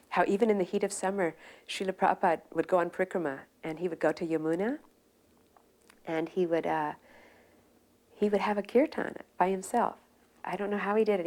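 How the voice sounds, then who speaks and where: Brief: woman in a low register, soft-spoken and relaxed, sharing remembered stories. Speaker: devotee recounting memories. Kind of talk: reminiscing storytelling.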